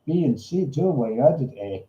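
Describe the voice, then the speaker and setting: A man's voice: mid-range voice, expressive, fast, dark tone, natural voice. A man voicing a goofy male Canadian ghost investigator with a put-on Canadian accent, joking and ending lines with "eh". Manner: jokey, ends lines with "eh", calls people hosers. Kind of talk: comic bit on a livestream. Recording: roomy, slightly dull livestream audio.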